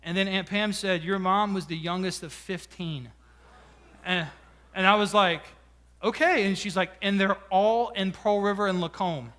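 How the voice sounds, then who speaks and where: Pastor guy preaching, bright sharp voice, lots of likes and fillers, gets hushed and earnest. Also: high-pitched, moderate pace. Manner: animated storytelling, many fillers, quiet emphatic close. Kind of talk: sermon with personal story. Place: church sanctuary.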